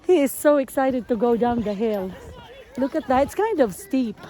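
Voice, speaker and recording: High-voiced cheerful woman vlogging outdoors. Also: expressive, moderate pace, dark tone, some chatter behind. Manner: cheerful, coos at her dogs in a high voice. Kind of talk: casual vlog chat. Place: outdoors in deep snow.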